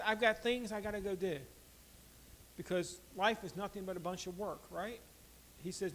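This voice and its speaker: A man preaching a sermon as pastor, swinging between loud emphatic lines and quiet asides, asking the congregation direct questions. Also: high voice, normal speed, rough recording.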